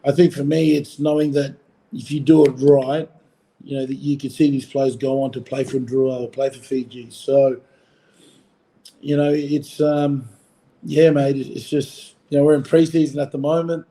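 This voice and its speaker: A man's voice: mid-range voice, level tone, moderate pace, dark tone, low-quality recording. A man in his forties with an Australian accent, a rugby coach chatting casually in an interview, rambling with lots of fillers and restarts. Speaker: rugby coach, former player. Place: Fiji.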